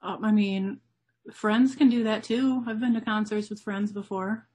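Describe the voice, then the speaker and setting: A woman's voice: mid-range voice, fairly even intonation, measured pace, darkish tone. A young woman with an upstate New York accent, chatting as a podcast guest in an easygoing way and laughing easily. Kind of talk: casual interview chat.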